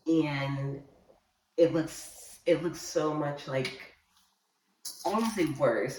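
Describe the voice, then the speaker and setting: A woman vlogging while sewing a dress, talking to herself with self-doubt and sometimes dropping to quiet mutters. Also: low voice. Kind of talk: casual vlog narration while working. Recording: roomy, from a distance, faint noise.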